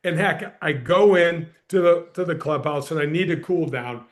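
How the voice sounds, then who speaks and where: A middle-aged man tells his story on a podcast with energy and emphasis. His voice sits high for a man. He punches key words and keeps the telling moving. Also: moderate pace. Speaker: podcast guest, former pro golfer and radio host. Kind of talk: animated storytelling in conversation.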